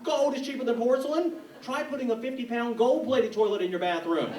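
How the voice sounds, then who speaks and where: A man from North Carolina doing a stand-up comedy set, with a quick, punchy delivery and put-on voices. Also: very high voice, darkish tone. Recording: echoey room, mic from a distance.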